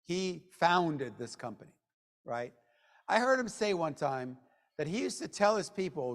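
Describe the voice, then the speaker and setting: A man giving a motivational sales training talk to a room of people, joking, and swinging between low mutters and loud bursts. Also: big pitch swings, unhurried. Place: meeting room with an audience. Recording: long hall reverb.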